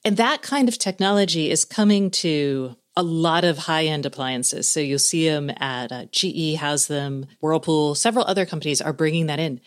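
A lively woman speaks as a guest in a casual interview, with a fairly low voice. She often breaks into quick put-on voices for the gadgets she describes. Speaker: tech journalist guest.

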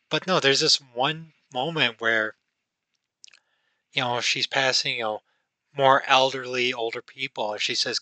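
A man's voice: mid-range voice, a little slow, bright, forceful tone, dry recording, poor audio. A man hosting a casual film-review podcast, rambling with lots of "you know" and "like". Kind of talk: casual chat.

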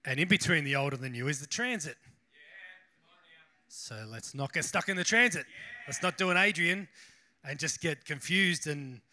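A male pastor gives a loose, conversational sermon with a bright, forceful voice. He rambles a little and drops self-deprecating asides as he goes. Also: on the high side, animated, normal speed, pauses often. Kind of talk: casual sermon.

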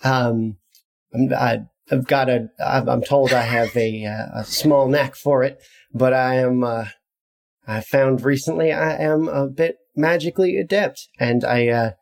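A man's voice: medium pitch, steady tone, measured pace, gravelly. A man voicing a timid young male sorcerer who stammers and hesitates constantly. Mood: nervous.

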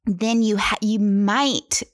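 A woman's voice: medium pitch, steady tone, slow. A middle-aged woman talking in a casual conversation, earnest and thoughtful, explaining things in long run-on sentences.

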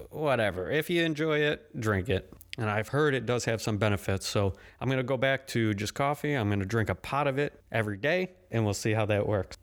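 A man hosting his own podcast, ranting casually with profanity and self-deprecating asides. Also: on the low side. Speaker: podcast host. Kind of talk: casual solo podcast rant.

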